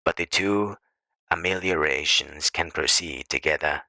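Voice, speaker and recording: Man, audiobook narrator, extremely low voice, bright tone, dry close sound, measured reading. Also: no echo, low-quality recording. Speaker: audiobook reader.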